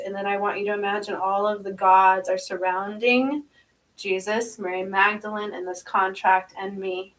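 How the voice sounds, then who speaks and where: A woman's voice: medium pitch, level tone, normal speed, fairly bright tone, far from the mic, rough recording. A woman channeling spirits aloud in an intense, repetitive monologue, often asking listeners if they understand and chanting strings of strange syllables. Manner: speaks with eyes closed, asks listeners if they understand.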